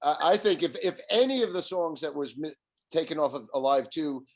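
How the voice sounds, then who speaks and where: A man chatting casually as a guest, excited and repeating words as he starts his sentences. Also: fairly high pitch, brisk. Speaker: guest musician. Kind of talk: casual chat.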